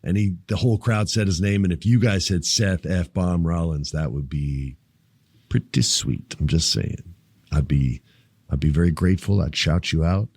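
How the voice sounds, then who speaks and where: A low-pitched man hosts a casual wrestling podcast, chatting loosely and cracking jokes at his listeners. He swears freely and jumps into wrestlers' lines with real energy. The sound is close and dry, with no room around it. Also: normal speed, husky, no echo. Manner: animated, acts out wrestlers' lines in higher, louder voice. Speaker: podcast host.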